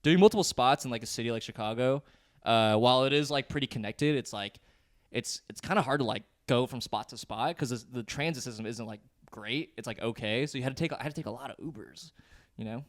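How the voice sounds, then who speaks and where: A man's voice: mid-range voice, fast, dry recording. Laid-back man, dry close-mic chat. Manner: laid-back, laughs often, many "like" fillers. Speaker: podcast co-host, stand-up comic. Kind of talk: casual chat. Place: New York City.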